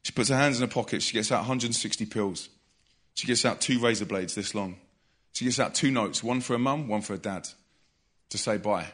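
Man, youth evangelist, bright forceful voice, husky edge, energetic storytelling. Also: lowish voice, a little fast. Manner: energetic storyteller, loud bursts of emphasis. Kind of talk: preaching testimony to a live audience.

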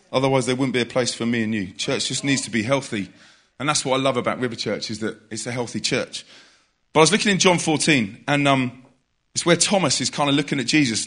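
This English man, a visiting preacher, has a mid-range, fairly bright voice. He's giving a lively, jokey talk in a church hall, speaking conversationally and calling out to the congregation.

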